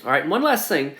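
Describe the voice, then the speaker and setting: A male engineering instructor giving a recorded lecture, halting and repeating his phrases as he explains, with an occasional cough. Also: high voice, pushed and bright. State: coughing now and then. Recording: echoey room sound.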